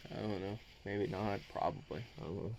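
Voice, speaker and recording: A man's voice: on the low side, little pitch movement, moderate pace, darkish tone. A man talking casually in a hesitant, rambling monologue, full of "um"s and swearing. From United States. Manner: hesitant, full of filler ums, profane. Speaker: vlogger.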